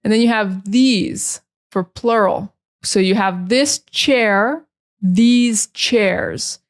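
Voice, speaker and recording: A young woman with an American accent, giving a casual pronunciation lesson and repeating words slowly for learners to copy. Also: medium pitch. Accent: General American. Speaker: English teacher.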